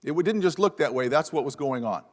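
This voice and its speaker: A man's voice: fairly high pitch, expressive, fast talker. A man on a lapel mic telling a self-deprecating story with wry humor as a professor on a panel. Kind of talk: humorous anecdotal talk at a panel event. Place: university event hall. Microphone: lapel microphone. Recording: long reverb of a large hall.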